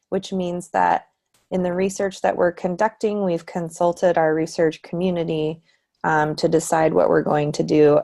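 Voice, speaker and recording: A woman giving a relaxed online tutorial presentation, with frequent ums. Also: lowish voice, vocal fry. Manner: relaxed, many ums, light laughs. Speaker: presenter for a research committee.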